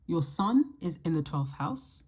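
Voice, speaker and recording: A woman hosting her astrology channel, talking casually to camera and thinking aloud in a reflective way, with the odd soft laugh. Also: fairly low pitch, very animated, a little slow, slightly rough. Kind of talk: casual solo talk to camera.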